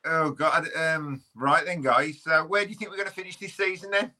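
Bright, sharp-voiced teasing man. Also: on the high side, fairly even intonation, moderate pace. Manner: teasing banter. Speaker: podcast co-host. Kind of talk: casual chat.

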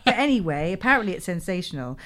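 A woman's voice: on the low side, very animated, very fast, fairly bright tone. Giggly woman recapping an episode. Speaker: podcast co-host. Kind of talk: casual chat recapping a TV episode.

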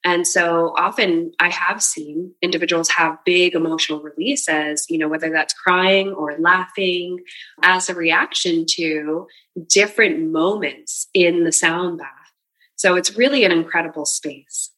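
A woman who runs sound baths and Pilates, talking in a relaxed conversation and giving earnest, flowing explanations. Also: on the low side, unhurried, rough recording. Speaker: sound bath and Pilates practitioner. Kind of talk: casual conversation.

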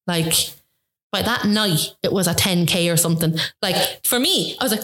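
A chatty Irish woman in her forties tells her story in an interview. She acts out what people said to her, with lively jumps in her voice. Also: medium pitch, normal speed. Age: 40s. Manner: chatty, animated storytelling with acted-out quotes. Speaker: guest. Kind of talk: casual interview chat.

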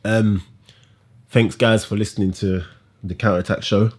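A husky, slightly breathy male voice. He co-hosts a casual podcast chat, speaking low and relaxed and often trailing off mid-thought. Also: normal speed. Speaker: podcast co-host.

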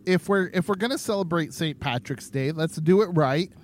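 Slightly high-pitched at a moderate pace, this podcast co-host leads a casual chat and teases his partner in a playful way; a little hiss or hum runs under the recording.

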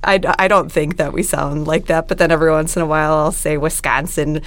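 A woman's voice: low voice, steady tone. A woman in her thirties co-hosting a podcast in casual chat, joking and giggling often. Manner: giggly, quick to joke. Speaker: podcast co-host.

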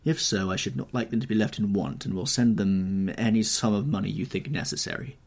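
A man's voice: lowish voice, fairly quick, creaky, darkish tone. A man voicing an anxious, haughty young aristocrat in an audiobook reading, rising to urgent alarm. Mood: languid.

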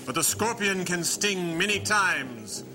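A man's voice: high-pitched, expressive, takes it slowly, music in the background. A man playing a bumbling spoof male spy hero in a comedy sketch.

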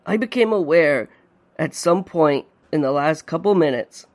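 A man hosting a podcast, reading a dark story in measured, suspenseful narration. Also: fairly high pitch, lively intonation. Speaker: podcast host.

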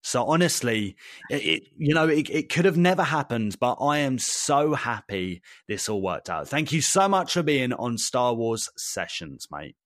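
A man's voice: mid-range voice, sing-song, a little slow, a bit bright, no room sound, clean studio sound. Chatty British man telling a story. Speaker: podcast co-host. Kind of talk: casual podcast chat.

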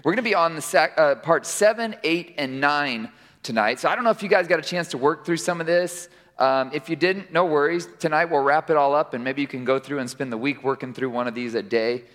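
A man's voice: a little high, a little fast, fairly bright tone. A man giving a casual, rambling conference sermon, with frequent restarts, to a live audience. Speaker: conference speaker. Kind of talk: sermon with a joke. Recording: long hall reverb.

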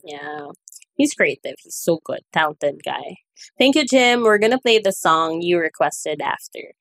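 A woman's voice: low-pitched, lively intonation, measured pace, creaky, a bit bright, no echo. A woman co-hosting a casual podcast, bubbly and gushing, laughing often. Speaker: podcast co-host. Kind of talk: casual chat.

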